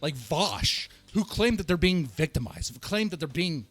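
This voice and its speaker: A man delivering a heated rant on a commentary show, in a fairly high voice that swoops up and down widely. He presses his points hard, repeats himself and at times breaks into a shout. Faint music plays behind him. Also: very animated, moderate pace, dry recording. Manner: heated and emphatic, rising to shouts, with repeats and restarts. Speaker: host of a reaction and rant channel. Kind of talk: ranting political commentary.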